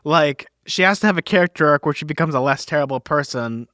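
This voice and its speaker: A man's voice: on the high side, quick pace, sharp tone, no echo, clean studio sound. A young man co-hosting a podcast, talking casually and with opinions, rambling with filler words. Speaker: podcast co-host. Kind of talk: casual chat.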